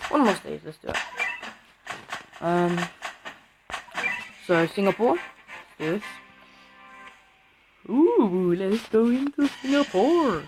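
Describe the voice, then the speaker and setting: A woman's voice: medium pitch, very animated, slow, pauses often, over music, low-quality recording. A woman giving casual, chatty commentary while playing a mobile game, cheering on her units. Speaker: gaming video creator.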